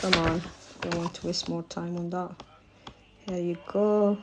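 A woman tutoring over a live stream, talking in friendly, loose English that is not her first language. She chats with her viewers, reads through rules, and keeps checking in with a quick "yeah?" at the end of her sentences. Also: on the low side, little pitch movement, heavy background noise. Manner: chatty, tags sentences with "yeah?"; apologizes for her accent, non-native English. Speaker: driving theory test tutor. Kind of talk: casual live-stream lesson.

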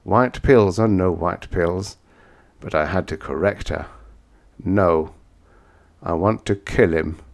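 A man's voice: sits low, slow, vocal fry, pauses often, darkish tone. A man narrating a vintage science fiction audiobook in the first person, with dramatic, intense storytelling.

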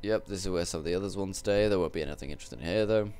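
A man's voice: deep voice, very fast, darkish tone, smooth. A young man casually commentating a video game, joking and rambling with crude asides. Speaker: gameplay commentator. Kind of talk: casual let's-play commentary.

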